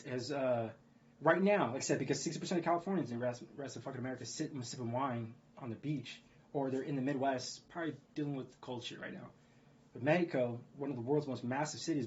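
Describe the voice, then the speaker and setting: Profane ranting man, dull lo-fi audio. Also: medium pitch. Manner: profane, repetitive, rhetorical "guess what" questions. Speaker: video blogger. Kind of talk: ranting commentary on news.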